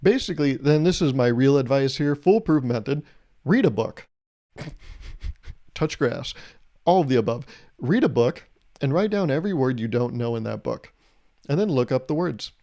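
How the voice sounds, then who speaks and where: Mellow-voiced man, sarcastic podcast monologue. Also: mid-range voice, expressive, moderate pace, pauses often. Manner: sarcastic, rhetorical questions, playful mock advice. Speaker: podcast host. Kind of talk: solo comedic podcast monologue.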